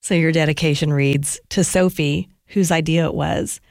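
A woman interviewer asking measured questions about a novel. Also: low voice, steady tone, creaky, a little mellow, dry recording, studio quality.

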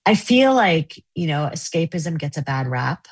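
A woman's voice: low-pitched, big pitch swings, a little slow, husky, no room sound. A middle-aged woman novelist, chatting casually in an interview, telling stories animatedly with many fillers. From United States.

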